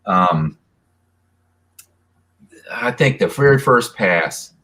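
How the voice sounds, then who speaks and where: A man's voice: lowish voice, extremely slow. Chatty male drag racer telling stories. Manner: rambling, animated, voices other people's lines. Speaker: drag racer and racing association president. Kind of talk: casual storytelling in a live Q&A.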